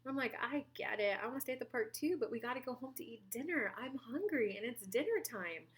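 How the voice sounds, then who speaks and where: A woman's voice: on the high side, animated, fairly quick. A woman giving a chatty monthly tarot reading, telling personal stories and acting out what other people said. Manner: chatty, storytelling, acts out quoted voices. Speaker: tarot reader and spiritual coach.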